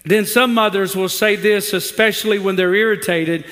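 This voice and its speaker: A man's voice: high voice, fairly even intonation, moderate pace, a bit bright, long reverb tail. A male pastor preaching a sermon in a church, leading the congregation to repeat scripture and telling humorous stories with rising emphasis. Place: church sanctuary.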